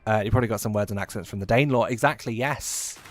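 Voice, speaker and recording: A man's voice: lowish voice, fast talker, dry recording. A man with a mixed Essex and Midlands English accent, chatting casually and jokingly with his live-stream chat while playing a game. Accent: mix of Essex and Midlands English. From England.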